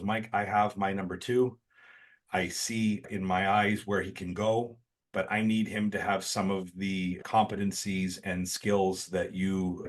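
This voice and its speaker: A man with a slightly low voice hosts a podcast in a casual storytelling chat. He talks bluntly and emphatically, often joking at his own expense. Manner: emphatic, blunt and self-deprecating, with swearing. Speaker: podcast host.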